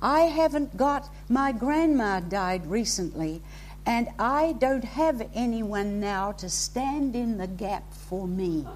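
A woman preacher voicing a young woman who speaks slowly and softly, grateful and alone. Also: on the high side, animated, slight background noise, voice pushed down. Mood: heartfelt.

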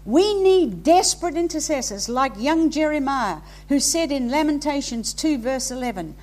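A woman's voice: high-pitched, very animated, moderate pace, few pauses, a little mellow. A woman preacher delivering an impassioned sermon to a congregation, rising to emphatic peaks. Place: hall with a congregation.

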